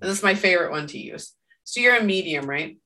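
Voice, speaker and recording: Woman co-host, bright and emphatic, casual podcast talk, recorded a bit off-mic. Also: on the low side, lively intonation, fast talker, recorded from a distance. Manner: emphatic, tags statements with "right?".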